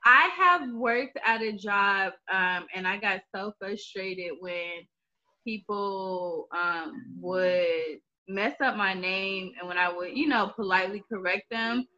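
A woman who is a guest in a casual podcast chat, thoughtful and measured, talking things through with fillers. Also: mid-range voice, bright, forceful tone. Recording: dull lo-fi audio.

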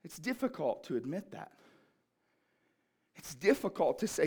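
Male pastor shouting a fervent sermon. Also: very animated, unhurried, creaky, pauses often, slightly rough. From Ohio, USA. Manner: swings from shouted fervor to low storytelling. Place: church sanctuary.

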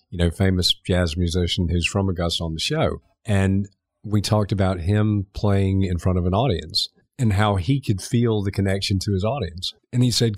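A middle-aged man from Canada, a former mayor, talking earnestly as a podcast guest, halting and restarting his sentences. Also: deep voice, no echo, clean studio sound. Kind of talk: conversational interview.

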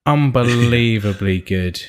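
A man's voice: mid-range voice, slow pace. A man co-hosting a gaming podcast, searching for words as he talks and swearing casually. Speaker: podcast co-host.

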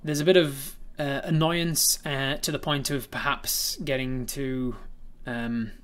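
A man narrating a tabletop game as the game master, relaxed and meandering, with frequent hesitations. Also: mid-range voice, slow pace, smooth.

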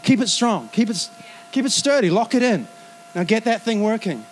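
A man preaching a sermon in a lively, conversational way, acting out quoted asides. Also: high-pitched, moderate pace, slight background noise. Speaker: pastor.

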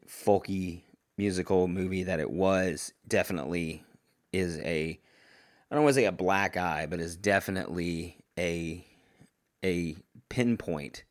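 A man hosting a solo podcast, talking casually and enthusiastically, often rambling and correcting himself. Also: sits low. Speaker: podcast host.

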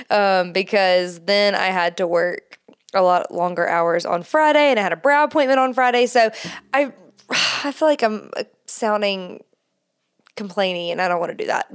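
A woman's voice: mid-range voice, clean tone. A woman podcast host telling a rambling, casual story, full of fillers and laughing as she talks. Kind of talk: casual chat.

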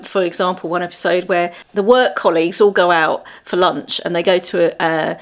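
A chatty woman, her voice sitting on the low side. She co-hosts a relaxed conversation about television and laughs easily mid-sentence. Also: normal speed. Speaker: podcast co-host. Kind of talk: casual chat about TV.

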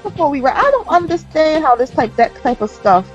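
A woman's voice: high voice, sing-song, fairly quick, dull audio, faint music behind. A woman in casual chat, emphatic and playful, laughing often.

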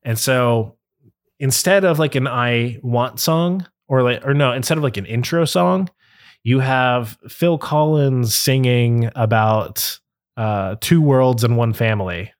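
A man's voice: mid-range voice, slow pace. Rambling young man hosting a podcast. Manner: rambling, filler-heavy, laughs easily. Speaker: podcast host. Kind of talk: casual podcast chat.

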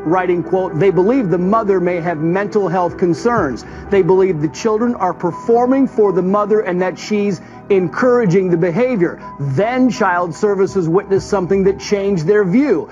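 Man, documentary narrator, measured, high voice, dull lo-fi sound, clear music. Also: a little mellow. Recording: muffled clip with music underneath.

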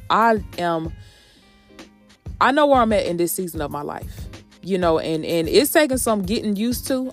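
A woman hosting a motivational podcast, talking in a sassy, preachy way, calling her listeners sis and honey. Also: lowish voice. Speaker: podcast host.

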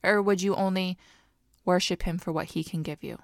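A woman's voice: on the low side, fairly even intonation, moderate pace, dry recording, studio quality. A woman co-hosting a faith podcast who talks in an earnest, reflective way. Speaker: podcast co-host. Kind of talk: casual faith talk.

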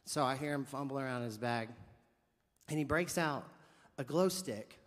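A man's voice: medium pitch, moderate pace, in a large hall. A man preaching a sermon, telling a funny story with lots of acted-out dialogue and comic asides. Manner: animated, jokey storyteller acting out dialogue.

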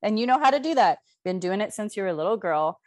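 A woman taking part as a podcast guest, answering warmly and affirming the host. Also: medium pitch, animated, quick pace. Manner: encouraging, affirming. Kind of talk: supportive casual conversation.

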